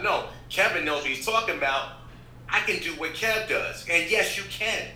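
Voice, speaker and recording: A man's voice: high-pitched, expressive, normal speed, pushed and bright, a little hiss or hum. A middle-aged man, a podcast guest, talking earnestly and reflectively in a motivational way. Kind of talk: casual interview talk. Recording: roomy echo, faint ambience.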